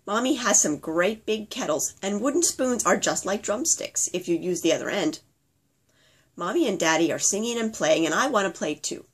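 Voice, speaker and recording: A woman with a medium-pitched, breathy-edged voice reads aloud from her own childhood memoir. She tells it simply and earnestly in present tense, speaking as her five-year-old self.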